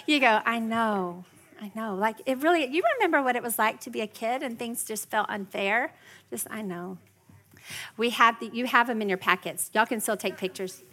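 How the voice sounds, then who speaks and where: A woman in her forties giving a lively parenting workshop to a room of parents, often mimicking her kids' whiny voices. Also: fairly high pitch, fairly quick. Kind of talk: live parenting workshop talk. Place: workshop room with a live audience.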